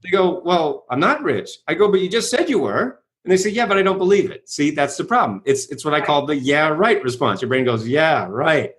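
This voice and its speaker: A man's voice: fairly high pitch, sing-song, fairly quick, hardly any pauses, a bit bright. A man being interviewed as a guest speaker, telling his story energetically, acting out quoted voices and often asking "right?".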